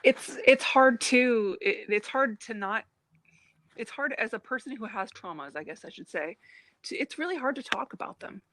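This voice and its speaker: A woman's voice: a little high, animated, normal speed, a bit bright, no echo. A woman hosting an interview podcast, encouraging her guest with affirmations and reflective comments. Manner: encouraging, frequent affirmations and laughter. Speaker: podcast host. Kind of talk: supportive interview conversation.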